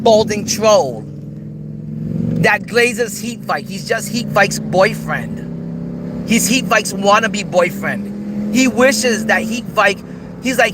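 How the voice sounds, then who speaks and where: A man's voice: high-pitched, heavy background noise. A man hosting a livestream, ranting in a taunting, mocking, repetitive way. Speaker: streamer host. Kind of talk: livestream rant.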